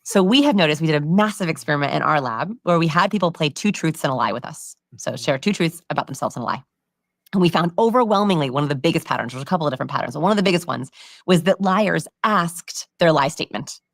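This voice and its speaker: A woman with a low voice explains body language and vocal cues as a podcast guest. She talks quickly and confidently, teaching through examples. The recording is dry and close. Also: animated, no echo.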